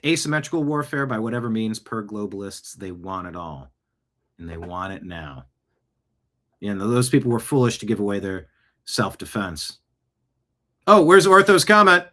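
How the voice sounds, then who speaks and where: A man's voice: medium pitch, a bit bright. A man hosting an online talk show, ranting sarcastically as he reacts to news clips. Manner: talks back at what he watches. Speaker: host. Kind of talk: political commentary reacting to clips.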